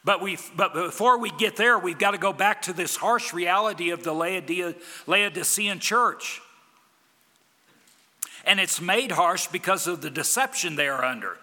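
Bright-voiced man preaching in a hall. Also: high voice, lively intonation, normal speed. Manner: emphatic preaching with big swings in loudness. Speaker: pastor. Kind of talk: sermon.

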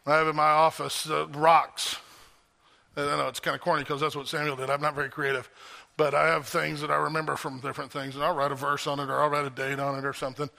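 A male pastor preaching a sermon at a church service, animated and emphatic, throwing out rhetorical questions to the congregation. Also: fairly high pitch, quick pace, creaky.

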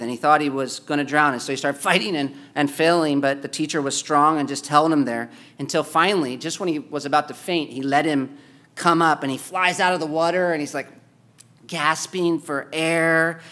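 A man preaching a sermon, swinging between loud, pressing exhortation and quiet, low-key storytelling. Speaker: pastor.

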